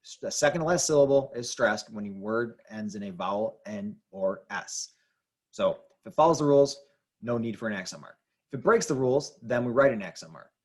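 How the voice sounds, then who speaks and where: A man's voice: on the low side, lively intonation, fairly quick, a little mellow, slightly rough. A man teaching a lesson, explaining rules patiently and repeating key points. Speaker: Spanish teacher. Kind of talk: classroom explanation.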